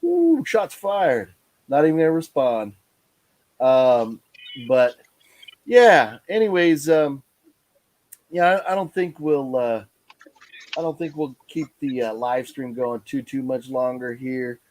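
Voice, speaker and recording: A man's voice: mid-range voice, expressive, slow pace, pauses often, darkish tone, slight background noise. A tired man hosting a casual live stream, talking in a rambling way with lots of fillers and restarts. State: tired, yawning.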